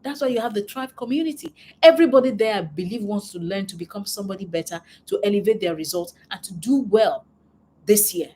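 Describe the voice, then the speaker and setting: A woman's voice: mid-range voice, animated, fast talker, mellow, slight background noise. Woman coach on a live online class, reading chat replies, really upbeat and encouraging, says brilliant and i love it over and over. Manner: upbeat and encouraging, repeats praise words.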